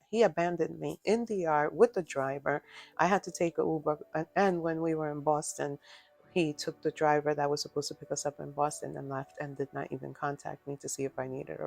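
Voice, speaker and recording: A woman, speaking earnestly and reflectively in a personal testimony vlog, pausing often as she talks. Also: low voice, vocal fry, darkish tone. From Dominican Republic. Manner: earnest, reflective, halting with many pauses. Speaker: vlogger.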